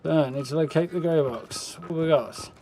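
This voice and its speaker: A man streaming a game live, commenting in relaxed, musing asides and thanking viewers. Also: on the high side, fairly quick, a little hiss or hum. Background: game sound and music.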